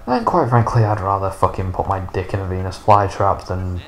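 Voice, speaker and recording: This gaming YouTuber, a man in his thirties, rambles through sarcastic, sweary commentary as he plays a video game. His voice sits low and sounds a bit bright, animated and at a moderate pace.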